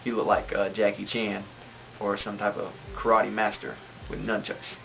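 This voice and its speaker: A man's voice: fairly low pitch, level tone, moderate pace, gravelly, fairly bright tone, soft background music, rough recording. Young guy rambling through a story. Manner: rambling, laughing, with restarts. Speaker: podcast host. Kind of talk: casual storytelling podcast. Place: home studio.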